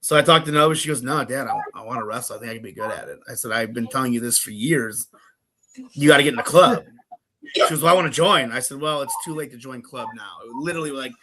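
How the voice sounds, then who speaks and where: A man's voice: medium pitch, quick pace, sharp tone, rough recording. A middle-aged man, a guest on a podcast, chatting casually and telling profane stories while acting out the voices of the people he quotes. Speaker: podcast guest, pro wrestler and former wrestling coach.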